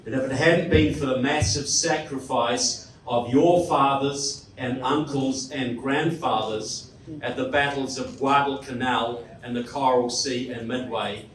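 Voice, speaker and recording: A man's voice: medium pitch, steady tone, a little slow, a little hiss or hum. A man from New Zealand with a New Zealand accent, giving a joking, rhetorical speech to a live audience and asking the crowd questions. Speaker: guest speaker. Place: hall with audience. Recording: roomy hall from a distant mic.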